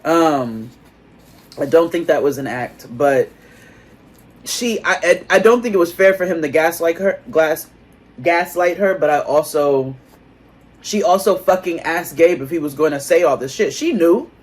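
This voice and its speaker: Male co-host, husky and a touch high, blunt and profane in casual talk. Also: animated. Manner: blunt, profane, quick reactions. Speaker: podcast co-host. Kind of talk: casual recap chat.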